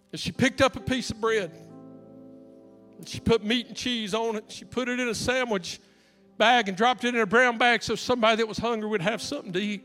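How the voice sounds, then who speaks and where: A man preaching a sermon, an animated storyteller who acts out the dialogue. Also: extremely high pitch, a little fast. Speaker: pastor. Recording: reverberant hall with faint music.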